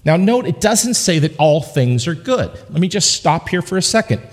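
Emphatic pastor with a slightly high voice. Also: male voice, sing-song, normal speed, long reverb tail. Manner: conversational and humorous, with emphatic repetition. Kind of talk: sermon. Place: church sanctuary.

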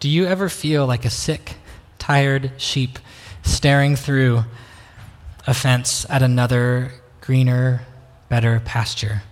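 A man preaching a sermon as pastor, slow and reflective, pausing to invite listeners in. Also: mid-range voice, fairly even intonation. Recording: long reverb of a hall.

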